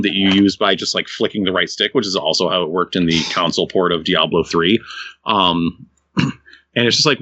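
A man's voice: lowish voice, sharp tone, no echo, dull audio. A man co-hosting a podcast, reviewing a game in casual chat, rambling with many restarts and fillers, fighting hiccups. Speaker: podcast co-host reviewing games.

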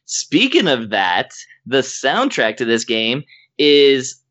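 A man's voice: medium pitch, very animated, takes it slowly, fairly bright tone, muffled recording. A man casually reviewing a video game in rambling chat, with lots of fillers and laughter. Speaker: podcast co-host reviewing games.

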